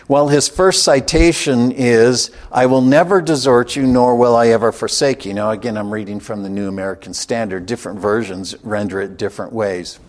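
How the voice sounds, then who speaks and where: Man preaching a measured sermon. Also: mid-range voice. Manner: measured, emphatic, slows on key phrases.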